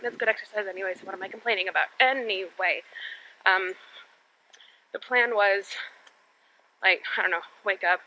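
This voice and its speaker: A woman's voice: mid-range voice, noisy background. A young woman chatting to her handheld camera while walking on residential streets, telling a frank, exasperated story in a casual vlog. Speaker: vlogger.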